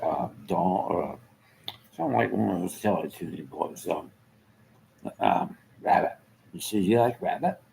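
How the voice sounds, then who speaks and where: A man's voice: low-pitched, expressive, slow, gravelly, pauses often, darkish tone, slight background noise, rough recording. A man giving a rambling casual monologue, trailing off mid-thought and chuckling often.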